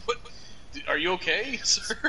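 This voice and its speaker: This streamer co-host has a high-pitched, expressive, unhurried voice, heard over a noisy crowd on a low-quality recording. He's in his home basement running a live stream, chatting casually, laughing frequently and reading chat messages aloud.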